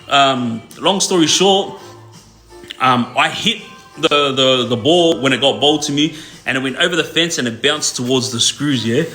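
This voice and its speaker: A former inmate tells prison stories to livestream viewers, loose and laid-back, packing in fillers and tag questions. His medium-pitched man's voice has a sharp tone and a measured pace with long pauses, and soft music plays in the background.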